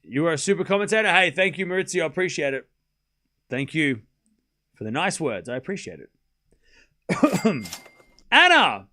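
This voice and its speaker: A man's voice: on the high side, very animated, moderate pace, long pauses, bright, forceful tone. A man hosting a live tennis watchalong stream, calling points and thanking viewers in casual chat. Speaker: livestream host.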